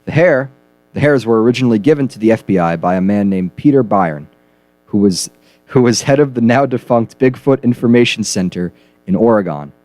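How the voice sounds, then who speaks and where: A man co-hosting a comedy news radio show, reading stories and giving dry, deadpan reactions. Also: fairly low pitch, a little fast, dry recording, soft background music.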